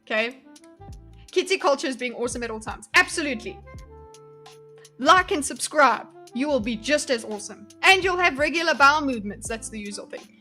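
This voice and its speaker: A woman's voice: sits high, lively intonation, fairly quick, sharp tone, soft background music. A woman from Spain giving casual, chatty reaction commentary, swearing and laughing as she gets heated. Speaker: video commentator.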